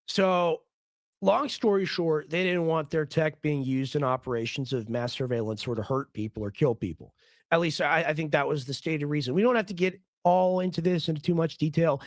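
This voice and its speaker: A hoarse man hosting a live political stream, ranting in a rambling, heated way and often repeating his words. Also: a little high, moderate pace, dry recording. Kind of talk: casual ranting commentary stream.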